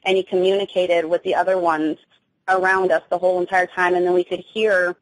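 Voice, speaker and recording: On a poor recording, a young adult woman appears as an interview guest and emotionally recounts an encounter in the first person. Her voice is lowish and level, her delivery brisk, and she keeps stopping to restart sentences amid many fillers.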